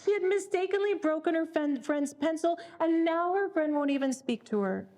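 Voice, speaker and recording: A woman's voice: extremely high pitch, lively intonation, moderate pace, a little mellow. A woman leading a parenting workshop, speaking earnestly and repeating words as she thinks. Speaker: workshop leader.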